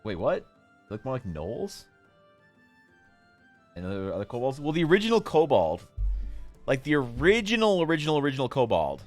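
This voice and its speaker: A man streaming while he draws, chatting casually with his viewers in a jokey, mock-outraged way, with sudden loud bursts. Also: mid-range voice, huge pitch swings, fairly quick, long pauses, soft background music. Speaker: artist streaming while drawing. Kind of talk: casual livestream chat to viewers.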